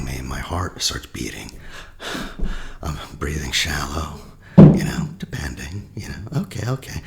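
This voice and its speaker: A man, a therapist, talking a listener through a guided meditation in a slow, soft voice that often drops to a near whisper. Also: rumbling low, gravelly. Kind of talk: guided meditation with teaching asides.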